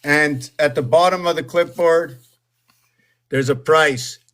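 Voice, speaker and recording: A man's voice: fairly high pitch, slow, a bit bright. A man hosting a casual livestream from home, rambling and musing aloud about words and numbers. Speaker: livestream host.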